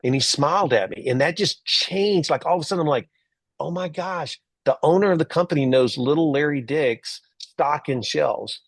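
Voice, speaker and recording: Animated Texan storyteller, middle-aged man. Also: on the high side, moderate pace, slightly rough, no room sound. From Texas. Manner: animated storyteller, acts out quoted voices. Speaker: guest, entrepreneur and author. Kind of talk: storytelling interview.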